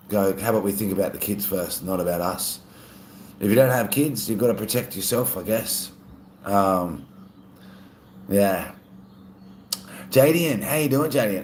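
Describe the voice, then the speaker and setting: A man's voice: lowish voice, echoey room, slight background noise. A man with an Australian accent, chatting casually on a live stream and reading out viewer comments. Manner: relaxed, chatty, laughs often.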